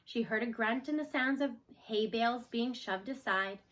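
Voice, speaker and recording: Bright-voiced woman reading aloud. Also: fairly high pitch, moderate pace. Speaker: storyteller. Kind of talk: reading a children's book aloud.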